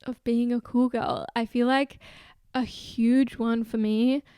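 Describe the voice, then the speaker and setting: A woman's voice: a little high, flat delivery, slow, mellow, smooth, no room sound, studio quality. A woman in her twenties talking casually and openly to camera, rambling and filling her sentences with "like". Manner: rambling, fills with "like" constantly; earnest, emotionally open. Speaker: vlogger. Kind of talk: casual confessional talk to camera.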